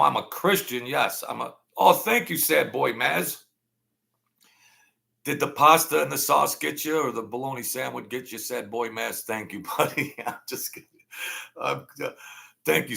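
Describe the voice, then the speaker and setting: A man with a deeply gravelly, fry-laden voice hosts a casual livestream rant. He talks bluntly in slang, rambles and trips over his words, at an ordinary mid pitch. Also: a little slow, sharp tone. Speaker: livestream host.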